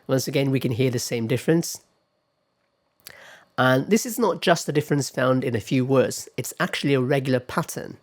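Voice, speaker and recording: A man at a mid-range pitch delivers a classroom lecture on pronunciation. He keeps a measured pace, checking in with "okay" and "all right". He demonstrates sample words aloud as he teaches.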